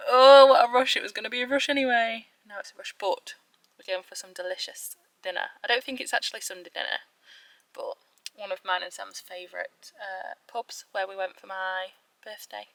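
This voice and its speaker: A woman's voice: medium pitch, steady tone, normal speed, creaky, pushed and bright, low-quality recording. A young woman, chatting casually to camera in her vlog, upbeat and a bit breathless. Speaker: vlogger.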